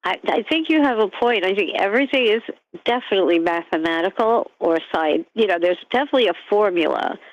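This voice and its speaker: A woman's voice: medium pitch, no room sound. A woman calling into a talk show by phone, chatty and a little hesitant as she talks. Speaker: caller. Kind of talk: casual phone-in conversation. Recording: dull phone line.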